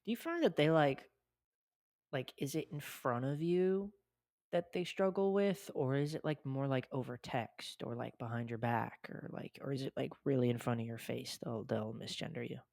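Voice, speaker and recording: A man with a deep voice hosting a podcast in casual chat, talking fast and loose with lots of "like" fillers and swearing freely. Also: gravelly, darkish tone, no room sound. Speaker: podcast host.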